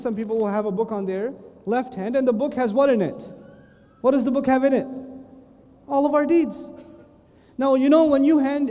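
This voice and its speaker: American male lecturer, high voice, mellow tone, lively storyteller acting out voices, hall reverb. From United States. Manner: animated storytelling with acted voices and laughter. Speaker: Islamic lecturer. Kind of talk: religious lecture.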